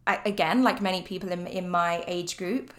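A woman's voice: on the low side, fairly even intonation, moderate pace. Chatty young British woman hosting a podcast. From United Kingdom. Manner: chatty and upbeat, with frequent fillers and light laughs. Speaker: podcast host. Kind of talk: casual solo podcast chat.

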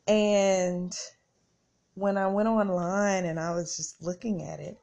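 A woman's voice: medium pitch, fairly even intonation, a little slow, a little mellow. A middle-aged woman hosting a podcast, telling a casual story straight to her listeners and acting out her own reactions as she goes. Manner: chatty, addresses listeners directly, acts out her own reactions. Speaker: podcast host.

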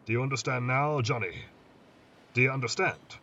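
A man voicing a weathered old lighthouse keeper who speaks slowly and in a hushed, musing way, heard on a distant, muffled recording with faint hiss. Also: mid-range voice, faint music behind. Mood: brooding. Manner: slow, hushed, musing storyteller.

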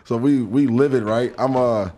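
A man guest on a podcast, telling a story in an animated, profane way and acting out what he said to himself. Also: medium pitch, moderate pace. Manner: excitable, profane, talks to himself in acted asides. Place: podcast studio.

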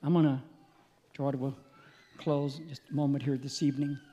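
A male preacher giving an impassioned sermon, rising to loud peaks and dropping back to a low, earnest tone. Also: level tone, brisk, lo-fi sound. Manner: impassioned, builds to shouting peaks then drops quiet. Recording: long hall reverb.

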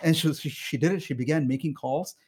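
Man, lively storyteller, slightly higher voice, casual group chat. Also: brisk, slightly rough. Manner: animated, acts out quotes with laughter. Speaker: phone bank volunteer.

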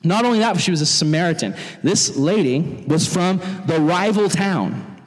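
A young adult man, a youth pastor, delivers a casual, chatty storytelling sermon in a large hall, animatedly acting out quotes. His voice is a little high and his speed normal.

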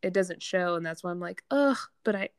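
A woman's voice: on the low side, level tone, fast, clean tone, no echo, clean studio sound. A woman in casual conversation, venting candidly and with some self-deprecation. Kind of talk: casual chat.

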